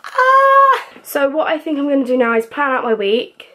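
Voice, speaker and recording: Breathless chatty young woman vlogger. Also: high voice. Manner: fast, chatty and rambling. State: slightly out of breath. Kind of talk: casual vlog chat.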